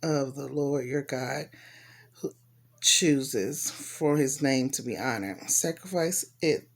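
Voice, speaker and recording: A woman's voice: a bass voice, slow pace. A woman giving an earnest, heartfelt devotional reflection and reading scripture aloud, often repeating her phrases. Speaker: Bible reader.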